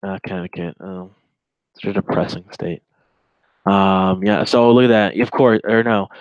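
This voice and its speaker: A man's voice: low voice, moderate pace, smooth, no echo, dull audio. A man in his twenties giving casual, rambling reaction commentary while reading a chat log, with sarcastic asides.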